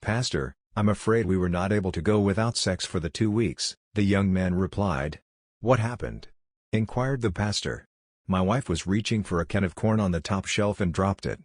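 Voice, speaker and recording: A man reading a string of jokes aloud in a dry, deadpan way. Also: sits low, moderate pace, no room sound. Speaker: joke narrator.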